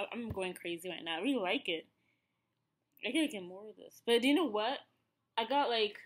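Woman in her thirties, Ethiopian accent, casual snack review, chatty, lots of fillers. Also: medium pitch. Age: 30s. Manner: chatty, full of fillers and restarts. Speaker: vlogger.

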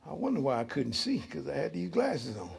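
A man's voice: fairly high pitch, sing-song, a little fast, creaky. A man, preaching as pastor in a church, emphatic and full of rhetorical questions. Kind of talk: sermon.

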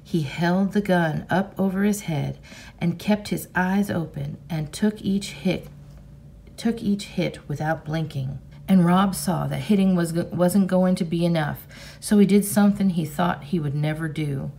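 A teacher reading a novel aloud to her class in a measured, expressive storybook manner. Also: fairly low pitch, vocal fry, a little hiss or hum.

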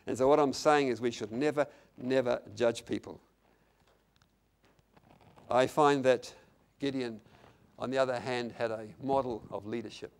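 In a mid-range voice, an older preacher delivers his sermon, returning to key lines again and again. His delivery moves from hushed closeness to forceful, booming emphasis.

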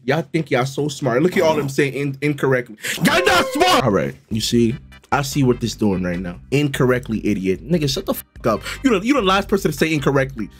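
A young man streaming a casual live reaction, talking loud and profane and breaking into sudden shouts. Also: mid-range voice, husky. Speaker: streamer reacting to a riddle video.

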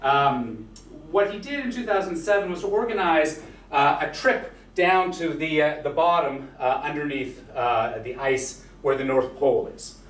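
A man's voice: a little high, measured pace, a bit bright. A man giving a history lecture in a conversational way, with many "uh" fillers and wry asides. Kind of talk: university lecture. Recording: echoey hall, mic far off, faint hiss.

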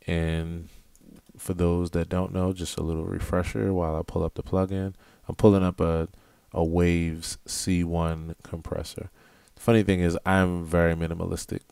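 A man, a music producer, talking through a mixing tutorial in a relaxed, explanatory way, thinking aloud as he works. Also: sits low, gravelly, clean tone, no room sound. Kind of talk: casual screen-recorded tutorial. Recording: music tracks playing behind. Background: music playback.

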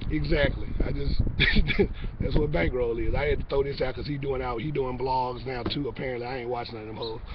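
A man's voice: mid-range voice, fairly even intonation, a little fast, background noise. A man who is a battle rapper, vlogging a brash, boastful, profane trash-talk monologue to camera. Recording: dull lo-fi sound.

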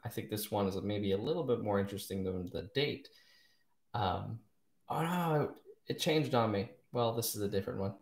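Man, low voice, casual live-stream host, rambling wry asides, echoey room. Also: lively intonation, normal speed. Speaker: host of a live poetry show.

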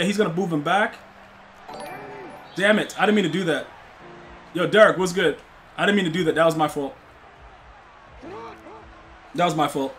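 A young man streaming a football video game live, chatting with his viewers, excitable and slangy, often repeating himself. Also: high voice.

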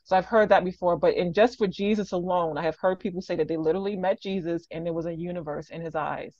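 A woman's voice: on the low side, fairly even intonation, fast, darkish tone, dry recording, muffled recording. A woman hosting a casual interview, asking probing questions with plenty of "you know" and "like". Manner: curious, probing questions, many fillers. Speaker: interview host.

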